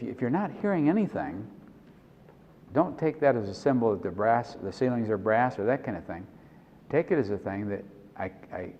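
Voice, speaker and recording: With a mellow voice on the low side, a middle-aged man who works as a Christian speaker and consultant delivers a chatty conference talk, performing prayers and dialogues and often starting his phrases over. The recording sounds dull, carries a long hall reverb, and has a bit of hiss or hum.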